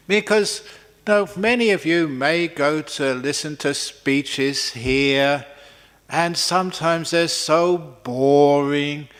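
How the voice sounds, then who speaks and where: A man, a monk, giving a playful public talk to an audience, deliberately shifting his pitch and speed as he goes. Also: a bit bright. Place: large conference hall. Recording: long hall reverb.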